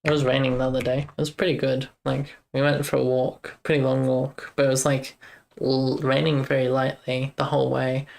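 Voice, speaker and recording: Young aussie game dev streamer, flat gravelly voice, rambling, thinking out loud while coding. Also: mid-range voice, normal speed. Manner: rambling, thinks aloud, chats with viewers. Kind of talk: casual live-stream chat while coding.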